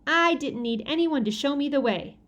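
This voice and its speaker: A woman voicing an excitable, bossy five-year-old girl in a children's audiobook, sing-song and squealing. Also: sits high, normal speed, lo-fi sound, pitched above the performer's own voice. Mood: indignant.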